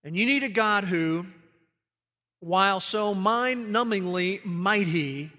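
Male preacher, slow and dramatic, loud proclamations dropping to hushed emphasis, long hall reverb. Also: sits high. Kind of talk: sermon.

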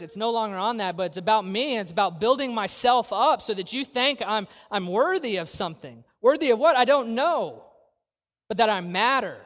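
A man preaching a sermon to a church congregation, earnest and full of rhetorical questions, slowing down to stress key phrases. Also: high voice, a bit bright. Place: church sanctuary. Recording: long reverb of a large hall.

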